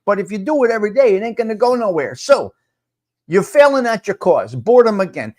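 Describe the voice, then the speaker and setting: Loud, animated older male stream host. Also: sits high. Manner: loud, emphatic, repeats points for effect. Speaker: livestream host. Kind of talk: live morning talk stream, greeting chat viewers.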